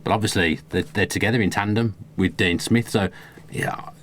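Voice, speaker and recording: A man's voice: fairly low pitch, normal speed, a bit bright, a little hiss or hum. A man with a Birmingham accent, co-hosting a podcast in casual chat, opinionated and teasing. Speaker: podcast co-host.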